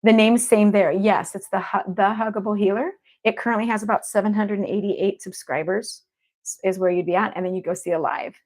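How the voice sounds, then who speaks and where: A woman who is an evidential medium chats casually to viewers on her livestream, upbeat and effusive, repeating her affection for the audience. Her mid-range voice is steady and a little mellow, and she speaks briskly.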